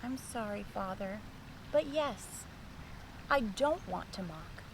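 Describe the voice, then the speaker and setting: A shy young male mockingbird speaks softly and gently in a lilting storybook voice, as a woman reads him. His words come slowly, rising and falling. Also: mid-range voice, lively intonation, slight background noise, pitched below the performer's own voice, low-quality recording. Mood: reluctant. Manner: soft, shy, sighing.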